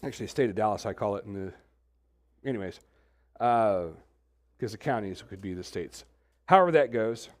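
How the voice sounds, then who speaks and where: A man's voice: fairly low pitch, animated, moderate pace, pauses often. A man from Texas, preaching a sermon as pastor and wandering into joking asides.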